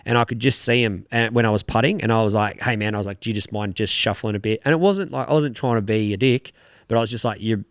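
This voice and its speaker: A man's voice: lowish voice, fast talker, dry recording, studio quality. A young Australian man co-hosting a podcast, chatting casually in a rambling, laid-back way, swearing now and then. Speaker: podcast co-host. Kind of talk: casual chat.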